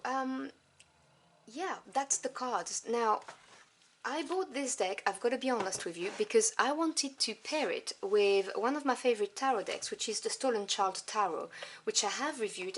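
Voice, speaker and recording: A woman whose first language is French, reviewing tarot cards one by one. She lists each card softly and without hurry, adding fond little asides. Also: medium pitch, a little hiss or hum. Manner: soft, unhurried listing with fond asides.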